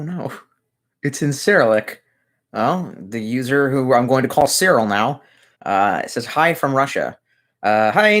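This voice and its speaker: A man's voice: mid-range voice, fairly bright tone. A man streaming from his messy room at home, chatting casually as he reads out viewer comments, rambling and swearing and muttering asides. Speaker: livestreamer reading chat comments. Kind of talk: casual livestream chat.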